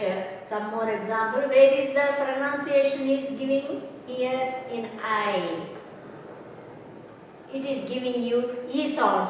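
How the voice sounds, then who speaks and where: A woman teacher giving a slow classroom lecture on English pronunciation, repeating words and often asking if the students understand. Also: high voice, slight background noise. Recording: echoey hall from far off, faint ambience.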